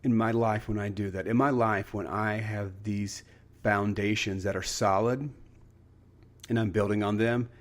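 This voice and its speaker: A man's voice: on the low side, steady tone, measured pace. A man hosting a podcast, talking earnestly in a casual motivational monologue and telling a story. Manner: earnest, storytelling, frequent restarts. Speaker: podcast host.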